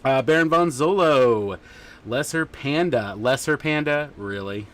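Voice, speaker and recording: A man's voice: mid-range voice, animated, unhurried, a bit bright. A man hosting a casual livestream chat, rambling along with lots of fillers. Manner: rambling and chatty, many fillers. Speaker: podcast host.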